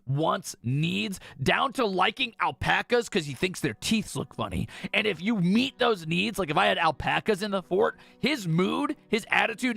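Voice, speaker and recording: Animated gravelly male game streamer. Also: sits high, no room sound. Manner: animated, reads game text aloud with excited asides. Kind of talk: casual gameplay commentary.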